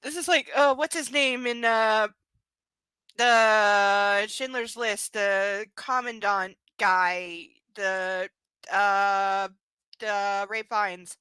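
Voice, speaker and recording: A woman's voice: mid-range voice, fairly even intonation, extremely slow, sharp tone, clean tone, no room sound. A young adult woman doing a live reading of a book, breaking off into mocking, sarcastic commentary. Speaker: reader and commentator.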